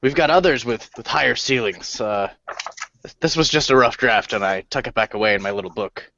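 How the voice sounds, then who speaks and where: A man's voice: mid-range voice, a little fast, bright, forceful tone, muffled recording, a little hiss or hum. A man playing a tabletop game, playfully describing what his character does. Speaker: player.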